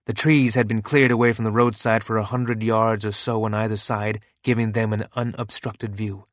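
Brief: male audiobook narrator, steady and even, lowish pitch, dry studio read. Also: normal speed, dry recording.

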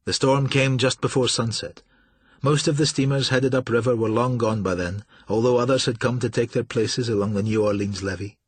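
A man reading a novel aloud in measured, steady scripted narration. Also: mid-range voice, husky, dry recording. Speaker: audiobook narrator.

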